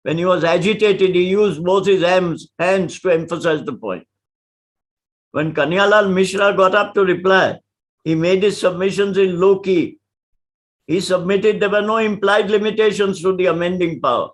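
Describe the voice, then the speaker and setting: An older man, a senior advocate giving a formal lecture, measured and deliberate, stressing key words as he tells his stories. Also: high voice. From India.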